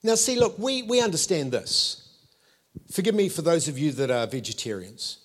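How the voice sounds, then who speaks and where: A man, preaching a sermon with animated storytelling and playful asides to the congregation. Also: a little high, normal speed. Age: 50s.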